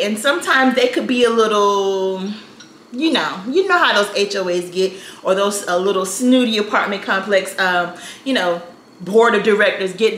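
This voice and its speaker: Sassy vlogger woman in her 30s, bright and animated, echoey room. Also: medium pitch, slight background noise. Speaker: storytime vlogger. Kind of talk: casual storytelling. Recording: roomy echo, faint ambience.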